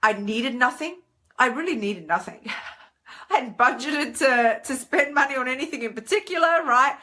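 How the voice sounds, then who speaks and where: A woman hosts a casual live stream with a bright, forceful voice pitched a little high. She talks in a chatty, animated way, jumping up in pitch whenever she acts out her own inner voice. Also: normal speed. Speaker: host.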